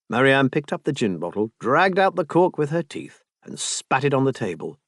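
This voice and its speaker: A man narrating an audiobook in an expressive, measured storytelling manner. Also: mid-range voice, no echo, studio quality. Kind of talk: scripted narration.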